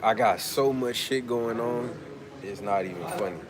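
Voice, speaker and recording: A man's voice: medium pitch, normal speed, crowd noise. A man hosting a casual livestream from a media room, chatting in slang and reading out viewer comments. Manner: laid-back slang, reads out viewer comments. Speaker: livestream host. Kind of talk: casual live chat with viewers. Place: press conference media room.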